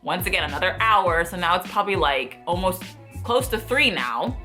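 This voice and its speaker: A woman's voice: on the low side, moderate pace, faint music behind. A young woman vlogger telling a story in a casual, exasperated way, full of "like" and replayed quotes. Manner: exasperated, animated, heavy use of "like".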